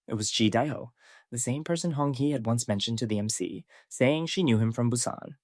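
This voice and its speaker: A man's voice: medium pitch, brisk, darkish tone, no room sound, studio quality. Man narrating a comic recap. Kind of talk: scripted story recap narration.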